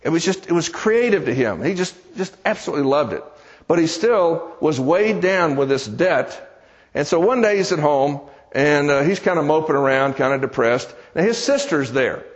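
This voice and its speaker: Folksy preacher in a reverberant church. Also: male voice, a little high, expressive, moderate pace. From American South. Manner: folksy, conversational, joking asides to the congregation. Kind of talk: sermon with storytelling. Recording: dull sound with long hall reverb.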